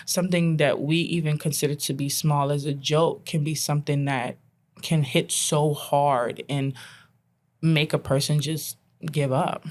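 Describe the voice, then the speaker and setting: A woman guest on a podcast, a behavioral consultant, telling a personal story in an animated way and acting out what people said. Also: low-pitched, a little slow. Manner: animated, acts out quoted dialogue, laughs often.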